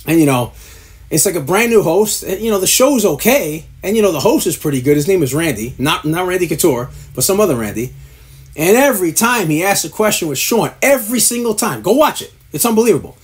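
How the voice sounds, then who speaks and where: Very animated and brisk, a man with a husky voice and big pitch swings rants straight to camera with blunt, profane exasperation. He sounds like a podcast producer listing pet peeves, and he mocks people by mimicking them.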